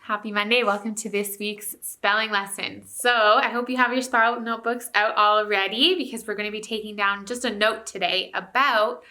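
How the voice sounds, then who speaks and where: A woman's voice: mid-range voice, steady tone, normal speed, few pauses, sharp tone. A woman teacher giving a recorded spelling lesson to young students, patient and encouraging, often checking in with "okay?". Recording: roomy echo.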